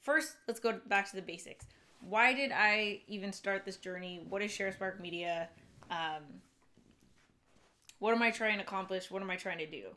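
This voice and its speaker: A woman's voice: medium pitch, normal speed, pushed and bright. A young woman hosting a live stream, talking casually and rambling with fillers and restarts. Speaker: vlogger and live-stream host.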